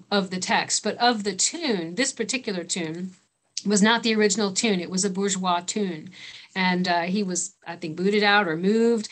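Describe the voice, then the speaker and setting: Middle-aged woman priest, conversational, searching for words, mid-pitched. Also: a bit bright. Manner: thoughtful, hesitant with fillers. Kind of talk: conversational explanation.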